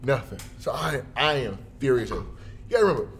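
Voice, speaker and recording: Male co-host, lively swooping delivery, casual story with a faint noise bed. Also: fairly quick, creaky. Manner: animated, jumps into high voices for quoted people.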